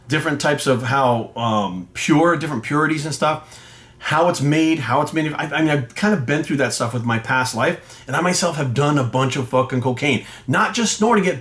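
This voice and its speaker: A middle-aged man, a fitness coach, telling a story to camera in a blunt, profane, animated rant. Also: a little high. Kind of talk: ranting monologue to camera.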